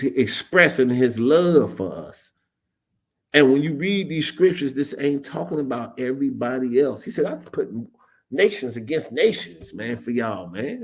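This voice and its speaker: A man preaching a sermon, reading scripture aloud and then retelling it in casual street slang, his voice jumping high on emphatic words. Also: slightly rough.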